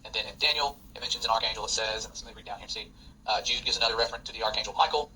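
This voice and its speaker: A man's voice: on the low side, rapid-fire, bright, forceful tone, a little hiss or hum, rough recording. A man, a father, reading passages aloud and commenting in an earnest, warning tone. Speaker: host and father.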